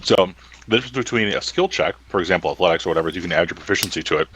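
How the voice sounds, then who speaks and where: A man narrating as game master for a tabletop game, relaxed and hesitant with many ums. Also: low-pitched, rapid-fire, a little hiss or hum, poor audio.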